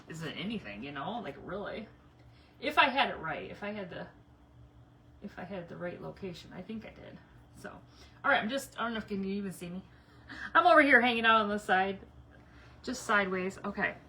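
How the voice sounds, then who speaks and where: A middle-aged woman paints a craft project on a livestream from her home yard or garage, chatting casually, rambling and often laughing. Her voice sits mid-range with a bright, forceful tone. The home livestream recording is noisy.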